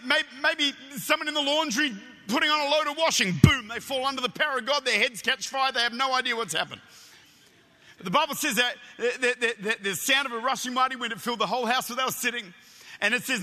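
An Australian man preaches with a very high, sharp, piercing voice, tumbling into excited stammers as he tells his stories. His sermon rings out through a church with a long, echoing hall reverb. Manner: energetic, animated storytelling with stammered restarts.

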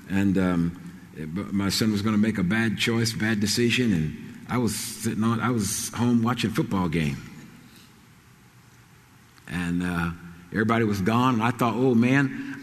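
Storytelling pastor in a reverberant hall. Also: male voice, medium pitch. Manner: storytelling, acts out quoted voices. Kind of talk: sermon.

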